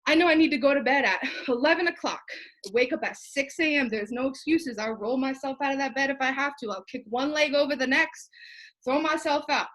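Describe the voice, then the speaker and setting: Young woman, high voice, fired up, rambling, jokey, swears casually, feverish. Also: a little fast, a bit bright. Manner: fired-up, rambling, profane and jokey, with asides and laughs. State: sweaty and feverish. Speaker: team leader speaking to her sales team. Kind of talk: motivational live video talk.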